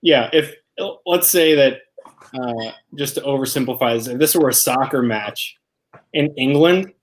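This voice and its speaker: Measured, articulate male caller. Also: mid-range voice. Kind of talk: casual conversation.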